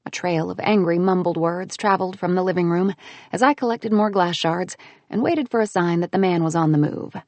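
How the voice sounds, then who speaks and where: A woman narrating a first-person audiobook in an expressive, animated way. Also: lowish voice, a little fast, no echo.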